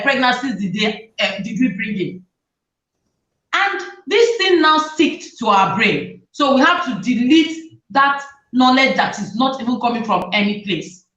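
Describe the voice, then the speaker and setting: A fairly high-voiced woman gives parenting advice in an animated, conversational way, slipping into the voices of parents and children. She sits back from the mic in an echoey room, and the sound is dull and muffled. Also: moderate pace. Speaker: talk show host advising parents. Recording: roomy, distant, dull sound.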